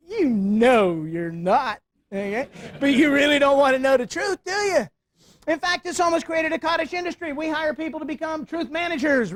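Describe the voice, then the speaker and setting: A middle-aged man giving a security awareness talk with humor to a live audience, animated, telling stories and tossing rhetorical questions at the crowd. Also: extremely high pitch, no room sound. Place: meeting room before live audience.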